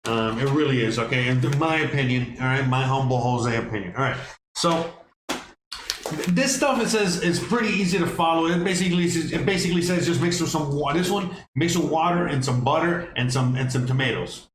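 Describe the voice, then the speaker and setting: A man's voice: fairly high pitch, fairly quick, hardly any pauses. A man hosting a casual cooking livestream from his home kitchen, rambling with lots of fillers and restarts. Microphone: microphone on kitchen counter setup. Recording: echoey kitchen with background noise.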